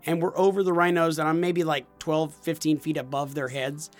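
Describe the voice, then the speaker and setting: A man's voice: on the high side, flat delivery, moderate pace, soft background music. A man, co-hosting a casual chat and telling jokey, self-deprecating stories about his son. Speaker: podcast co-host, father.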